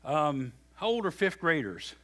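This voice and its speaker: Animated male preacher telling a story. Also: a little high, measured pace. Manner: animated, conversational, frequent restarts. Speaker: pastor. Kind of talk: storytelling sermon.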